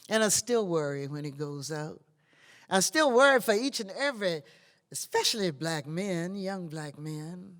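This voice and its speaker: An older woman from Virginia, a blues singer and guitarist, talking between songs in a wry, plainspoken, low-key storytelling manner with dry humor. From Virginia, USA. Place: museum performance venue. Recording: reverberant live hall with guitar.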